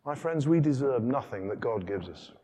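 A man preaching a sermon, conversational and animated, often asking rhetorical questions. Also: mid-range voice, normal speed, a little hiss or hum. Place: large church. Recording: long reverb of a large church.

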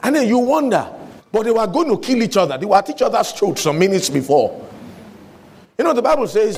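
A man's voice: high-pitched, very animated, a little fast, darkish tone, a little hiss or hum. A man preaching a sermon, emphatic and given to repeating his key lines.

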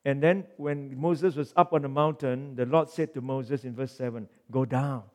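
A man preaching a sermon, reading scripture aloud and swinging between forceful emphasis and quiet asides, with rhetorical questions to the congregation. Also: medium pitch, fairly even intonation, normal speed. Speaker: pastor.

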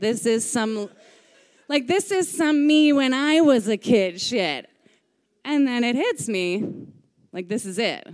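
Lady telling a funny story, smooth clear voice, swears a lot, does little voices. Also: fairly high pitch. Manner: chatty, swearing, acts out quoted voices. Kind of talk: comic personal story told live.

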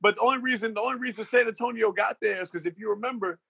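A man in a casual sports debate, calmly explaining with detail he remembers. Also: high-pitched, creaky, breathy edge. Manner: measured, explains with recalled detail.

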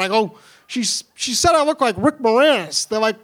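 A young man with a New York accent telling a funny personal story, animated and self-deprecating, with halting restarts. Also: sits high. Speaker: storyteller and comedian. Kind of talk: comedic personal story told to an audience.

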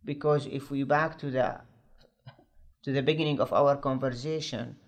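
A male political commentator in a news discussion, earnest and halting as he searches for words. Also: mid-range voice, steady tone.

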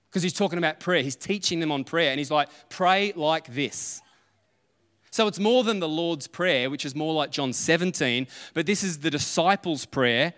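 A man's voice: on the high side, a bit bright. A man, preaching a conversational sermon and acting out little dialogues as he tells stories. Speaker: pastor. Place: church auditorium. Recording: long hall reverb.

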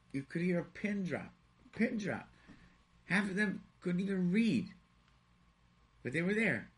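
A man's voice: medium pitch, creaky, breathy edge. A man from Rochester, New York, telling stories in a casual talk show conversation and acting out the people he quotes. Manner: animated storyteller, acts out quoted voices.

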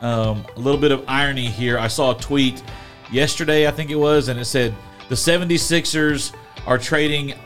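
A man hosting a podcast in casual chat, telling stories with lively energy and acting out what people said. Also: medium pitch, normal speed, faint music behind. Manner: animated storyteller, acts out quotes. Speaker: podcast host.

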